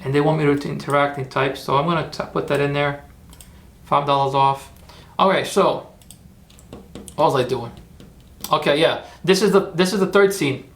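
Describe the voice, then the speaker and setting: Gravelly, chatty livestream host man. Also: fairly high pitch, normal speed, pauses often. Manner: chatty, rambling, encouraging. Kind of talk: casual livestream chat.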